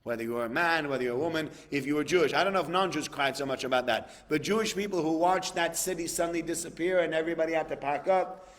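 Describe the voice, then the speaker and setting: A man's voice: a little high, quick pace, fairly bright tone, big-room sound. A man, a rabbi, giving a conversational sermon, acting out dialogues and repeating words for emphasis.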